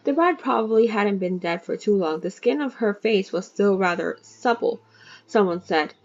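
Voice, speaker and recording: A woman's voice: mid-range voice, normal speed, dry recording, muffled recording. Woman reading a novel aloud casually. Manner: reads steadily, breaks in with cheeky swearing asides and self-corrections. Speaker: reader of a novel. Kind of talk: casual read-aloud with commentary.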